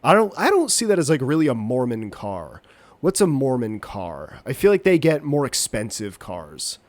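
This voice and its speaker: A man's voice: mid-range voice, huge pitch swings, moderate pace, no room sound. Congested man rambling through a podcast. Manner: rambling, jokey, self-deprecating. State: congested, getting over a cold. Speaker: podcast host. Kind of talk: rambling solo podcast chat.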